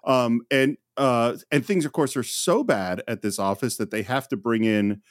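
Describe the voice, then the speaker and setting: A man hosting a film podcast, chatting casually with emphatic, animated opinions. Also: mid-range voice, normal speed, no room sound, clean studio sound. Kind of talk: casual chat.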